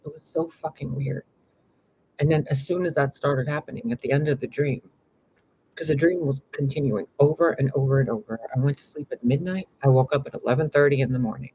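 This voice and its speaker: Man, gravelly voice, rambling casual story, dull lo-fi sound, faint rumble. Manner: rambling, animated retelling with many fillers. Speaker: spiritual vlogger.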